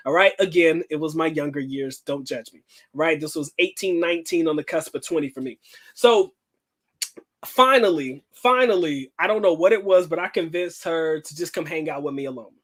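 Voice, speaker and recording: A man hosting a livestream, telling a personal story in a casual, slangy, profane way and acting out the quotes with lively swings. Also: a little high, moderate pace. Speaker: livestream host.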